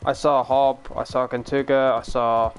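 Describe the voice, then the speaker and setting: A man's voice: medium pitch, little pitch movement, a little slow, smooth. Chatty young British man streaming. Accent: British English. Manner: rambling, chatty, swears casually, laughs often. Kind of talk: casual chat on a game stream.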